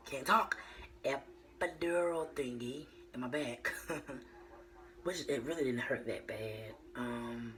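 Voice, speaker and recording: Young woman vlogger, warm chatty storytime delivery with lots of ums and restarts. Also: very deep voice, slow pace, poor audio. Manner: chatty and meandering, with many fillers and restarts; addresses viewers as y'all. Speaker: vlogger telling her birth story. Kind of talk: casual storytime.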